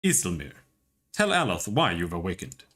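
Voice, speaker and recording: A man voicing an excitable female scholar who studies souls, giving eager, clipped instructions. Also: low-pitched, moderate pace, slightly rough, pitched below the performer's own voice, heavily acted.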